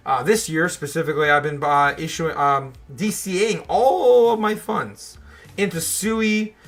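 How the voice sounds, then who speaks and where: Male show host, bright tense voice, a bit high, casual swearing rant, faint music behind. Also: measured pace. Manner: frustrated, swearing, rambling.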